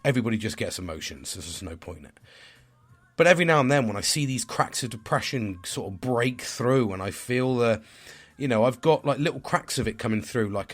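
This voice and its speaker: A man's voice: medium pitch, a bit bright. A man, talking in a casual, rambling vlog monologue. He swears constantly, sounds stressed and tired, and is hard on himself. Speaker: vlogger.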